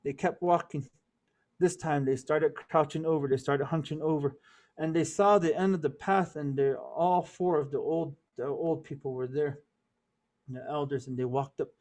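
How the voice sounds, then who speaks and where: Guy telling an old story to teach a lesson, high voice, repeats words and drops in navajo. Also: fairly even intonation, moderate pace, a little mellow. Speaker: storyteller and cultural presenter.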